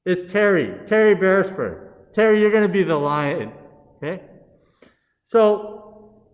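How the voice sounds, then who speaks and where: On a video call, a man leads a Buddhist service, telling a story in an unhurried, coaxing way and handing out parts to participants. His voice is high and animated, trailed by a long reverb tail.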